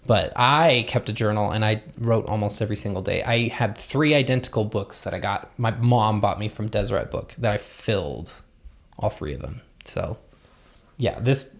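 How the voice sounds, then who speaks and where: Casting: mid-pitched co-host with a gravelly fry, relaxed podcast banter. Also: moderate pace. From Utah, United States. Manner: chatty, agreeable, lots of "like" and "um". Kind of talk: casual chat.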